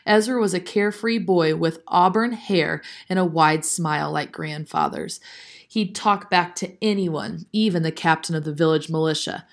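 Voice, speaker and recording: A woman narrating a children's chapter book aloud in a steady, clear manner. Her voice sits somewhat low for a woman. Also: normal speed. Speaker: storyteller. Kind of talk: storybook read-aloud narration.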